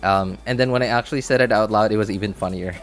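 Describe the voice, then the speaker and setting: A man's voice: lowish voice, fast talker, faint music behind. A man chatting casually on a game livestream, rambling with many fillers and restarts and laughing easily. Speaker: game streamer.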